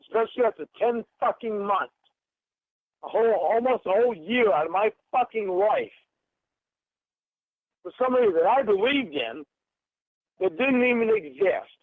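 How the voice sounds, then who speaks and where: A furious, accusing man with a strikingly high voice, cursing through a heated argument. He comes through a tinny phone line that sounds dry and close, with no room around him. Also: animated, moderate pace, pauses often, no echo. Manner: angry, accusing, swears constantly.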